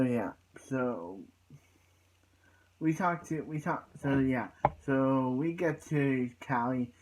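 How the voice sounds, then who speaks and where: A man's voice: medium pitch, rough recording. A man recapping a TV episode in a loose, rambling way, stumbling over restarts and repeating "so yeah" between points. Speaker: TV episode reviewer.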